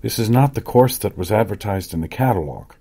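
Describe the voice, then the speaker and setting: A strained young man presses a complaint with clipped politeness and crackling tension, as a narrator voices him. The pitch sits above the narrator's own low register, with a husky edge. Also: lively intonation, a little fast, mellow. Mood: tense. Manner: tense, clipped courtesy.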